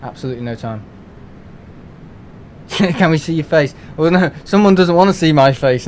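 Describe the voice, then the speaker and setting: A man's voice: a little high, animated, normal speed, darkish tone, slight background noise. A man from England chatting casually and rambling on a live game stream from home, with lots of restarts and fillers.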